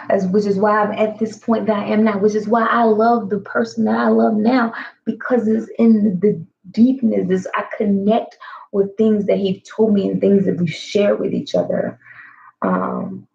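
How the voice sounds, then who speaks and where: A woman vlogger talking through a candid personal monologue, reflective, with frequent fillers and soft laughs. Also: mid-range voice, vocal fry, lo-fi sound, a little hiss or hum.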